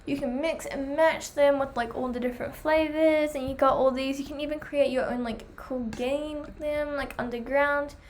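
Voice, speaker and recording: A young woman chatting enthusiastically while reviewing pet products, full of fillers, her voice going hoarse. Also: high-pitched, steady tone, moderate pace, few pauses, a little hiss or hum. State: losing her voice. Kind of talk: casual chat.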